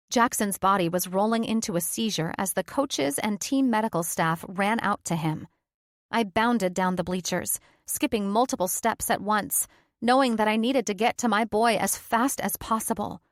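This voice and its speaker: A woman narrating a first-person audiobook in a steady, earnest storytelling manner. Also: mid-range voice, no echo, clean studio sound.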